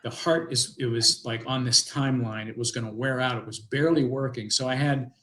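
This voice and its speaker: A man's voice: medium pitch, steady tone, a little fast, bright, forceful tone, poor audio. An older man, a guest on an interview show, telling a personal story in a rambling way, with many restarts and acted-out quotes.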